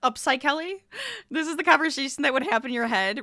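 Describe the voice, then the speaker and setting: A woman's voice: high-pitched, quick pace, pushed and bright, no echo, clean studio sound. A young adult woman streamer chatting casually and laughing often while she crochets at her desk at home. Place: home room.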